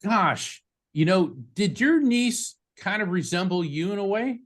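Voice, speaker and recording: A man working as a psychic medium, giving a live reading to a participant over a video call in a quick, conversational way, often restarting his sentences. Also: high voice, animated, a bit bright. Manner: fast, restarting, conversational delivery.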